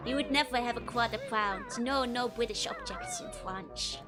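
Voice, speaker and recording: A woman playfully putting on a snooty Frenchman, slow and mock-haughty. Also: fairly high pitch.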